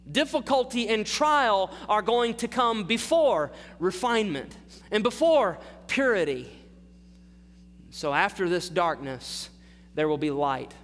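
Male pastor with a high voice, earnest sermon delivery that swells on scripture, long hall reverb. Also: fairly bright tone. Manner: earnest preaching, rising in force when quoting scripture.

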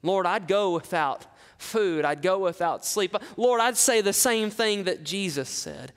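Animated preaching man, echoing hall. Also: sits high, measured pace, hardly any pauses. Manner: animated preaching with rhetorical questions. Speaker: pastor. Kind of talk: sermon. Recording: long reverb from a large hall.

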